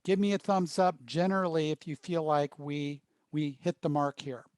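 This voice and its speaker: Trainer, male, high voice, dry close sound, phrased storytelling delivery. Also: steady tone, darkish tone, smooth, no room sound. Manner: storytelling, pausing in short phrases. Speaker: workshop trainer. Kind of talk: workshop presentation.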